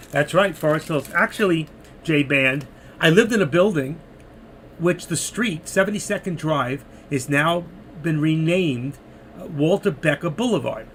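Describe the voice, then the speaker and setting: Unhurried and animated, an older man from New York City with a New York accent talks through stock trades on a live stream, reading viewers' messages as his voice gives out. His tone is fairly high and a bit bright, with some slight background noise.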